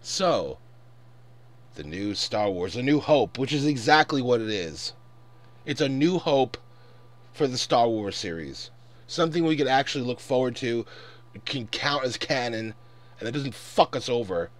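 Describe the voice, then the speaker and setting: A man's voice: mid-range voice, expressive, a little slow, long pauses. A man in his twenties ranting angrily and profanely in a casual commentary. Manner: angry, profane, exasperated. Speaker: vlogger.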